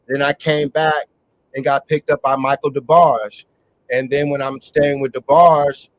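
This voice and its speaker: A man's voice: on the high side, rough recording. A man hosting a live online talk show, delivering a rambling, emphatic monologue. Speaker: host.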